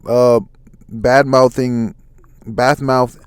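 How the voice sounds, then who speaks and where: A man voicing Luffy, an excitable young pirate captain, talking eagerly and loudly. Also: mid-range voice, very slow, clean tone, dry recording, pitched above the performer's own voice. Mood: eager insistent.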